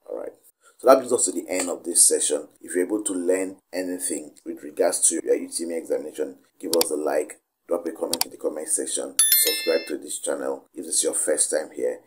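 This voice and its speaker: A man's voice: a bass voice, darkish tone, husky. A man tutoring students for an exam in an informal video lesson, often tagging his points with "right?". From Nigeria. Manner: keeps asking "right?" after each point.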